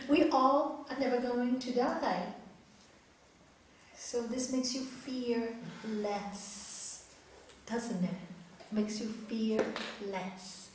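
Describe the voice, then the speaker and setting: A woman's voice: on the high side, recorded from a distance, slight background noise. Woman teacher in an echoey hall. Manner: animated storytelling, acts out voices. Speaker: yoga teacher. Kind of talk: spiritual talk to a group.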